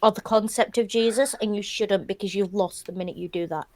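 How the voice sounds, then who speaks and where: A woman's voice: medium pitch, fairly even intonation, fairly quick. A woman co-hosting a podcast panel, talking bluntly and swearing freely as she explains her view. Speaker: podcast co-host. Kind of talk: casual panel discussion.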